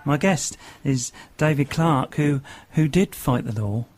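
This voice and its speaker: A man's voice: mid-range voice, measured pace, a little mellow, slight background noise. A man hosting a radio interview, encouraging his guest and prompting him with questions. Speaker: radio host.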